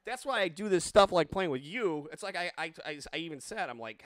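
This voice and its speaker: A man hosting a casual interview, rambling and halting, self-deprecating. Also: on the high side, expressive. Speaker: host, drummer.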